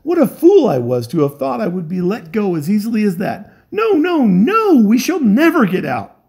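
A man voicing an unhinged male stranger who yells in shrill hysteria, for a storybook reading. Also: huge pitch swings, normal speed, vocal fry, husky, heavily acted. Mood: hysterical.

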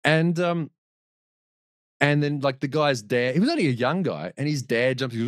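A man's voice: mid-range voice, fairly quick, no echo. Man telling stories, dry close sound. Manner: rambling, with restarts and laughs. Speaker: podcast guest. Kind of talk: casual storytelling.

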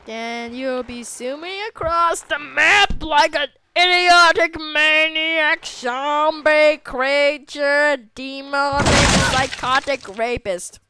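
A woman commentating a video game, excitable, yelling at the game and trailing off into mumbles. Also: high-pitched, slow, hardly any pauses. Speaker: let's play gamer. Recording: loud background noise.

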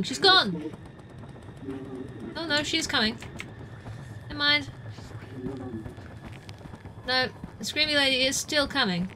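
A woman streamer giving live gameplay commentary, chatty and self-narrating, breaking into excitable yelps. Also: high voice, takes it slowly, pauses often. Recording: background noise under voice.

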